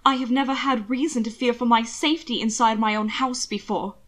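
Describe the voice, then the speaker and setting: A woman's voice: on the high side, fairly even intonation, a little fast, a bit bright, close to an everyday voice. A woman voicing a frightened but defiant young husband in an audiobook reading of fan fiction, with a tense, raised delivery.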